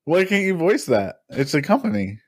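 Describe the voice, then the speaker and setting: Young male co-host, teasing, cuts in constantly, lively swings in pitch, dry sound. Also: normal speed, no echo. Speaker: podcast co-host. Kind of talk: casual chat.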